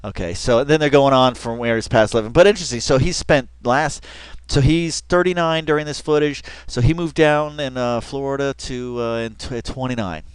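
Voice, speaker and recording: A man's voice: medium pitch, a little fast, clean tone, dry recording. A man giving casual reaction commentary on a video, rambling and chatty with lots of fillers and restarts, often laughing as he talks. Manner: laughs often while talking.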